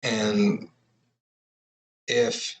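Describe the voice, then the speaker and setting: A man's voice: fairly low pitch, level tone, drawn-out words. A man giving rambling, profane, casual commentary as a reaction video host.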